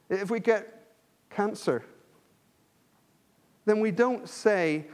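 Male preacher, high-pitched, earnest and emphatic sermon delivery. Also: very slow, pauses often. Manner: earnest, repetitive emphasis with frequent restarts.

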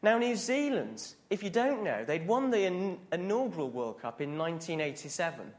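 A man's voice: sits high, big pitch swings, normal speed. A man preaching a sermon to a congregation in a questioning, conversational way.

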